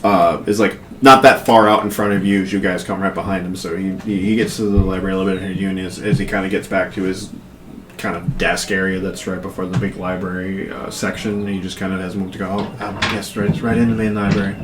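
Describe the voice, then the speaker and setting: A man's voice: low voice, flat delivery, fast, noisy background. A man narrating as game master in a casual, rambling way full of fillers, in an echoey room.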